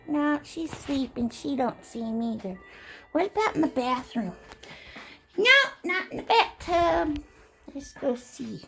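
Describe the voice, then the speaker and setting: A woman vlogger chatting playfully to her pets and toys, calling each by name in simple, gentle sentences. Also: high-pitched, lively intonation, a little slow, gravelly, background noise.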